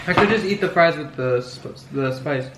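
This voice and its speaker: Brief: casual guest man, short laid-back lines, echoey room with loud noise. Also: on the high side, normal speed. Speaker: guest, host's brother. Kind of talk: casual chat.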